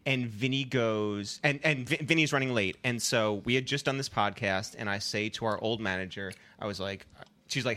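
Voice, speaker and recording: Male podcast host, relaxed rambling storyteller, bright tone, mid pitch. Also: a little fast. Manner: relaxed storyteller with many fillers. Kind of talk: casual chat.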